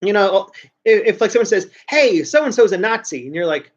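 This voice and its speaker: A man's voice: high voice, sing-song, normal speed, lo-fi sound. A man hosting a show, giving a brash, blunt ranting commentary full of swearing. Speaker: show host.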